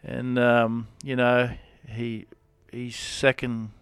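Rambling Australian cowboy, smooth voice. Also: male voice, medium pitch, completely flat delivery, very slow, a bit bright, no echo. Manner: rambling, lots of "you know" and restarts. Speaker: rodeo cowboy guest. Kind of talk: casual storytelling interview.

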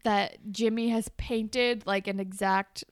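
A woman's voice: medium pitch, steady tone, slow pace, smooth, no room sound, clean studio sound. A woman co-hosting a podcast, casually recapping a TV episode and acting out the characters' lines with animation. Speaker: podcast co-host.

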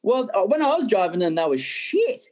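An Australian man, a racing driver, telling animated stories in an interview, often laughing and restarting his sentences. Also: sits high, normal speed. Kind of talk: interview storytelling.

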